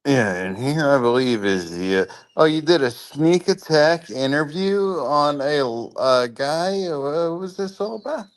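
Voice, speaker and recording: A man's voice: on the high side, expressive, unhurried, few pauses. A man calling in as a guest on a casual sports talk show, bantering playfully. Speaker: call-in guest.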